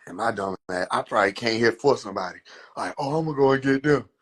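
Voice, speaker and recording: A young man livestreaming from his phone, rambling in an animated, profane way and slipping into quoted voices. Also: medium pitch, fast talker, husky. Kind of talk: rambling casual livestream monologue. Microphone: phone on a live stream.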